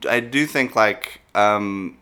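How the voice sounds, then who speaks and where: Man, podcast co-host; heavy vocal fry, hesitant and trailing; crisp, bright voice. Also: on the low side, slow pace. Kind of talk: casual podcast chat.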